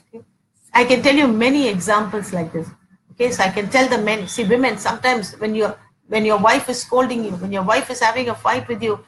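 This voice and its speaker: Acting out domestic quarrels, a woman in her forties delivers a teaching sermon on Christian marriage, saying "okay" often and going over her points repeatedly. Her voice has a medium pitch, and the low-quality recording carries slight background noise.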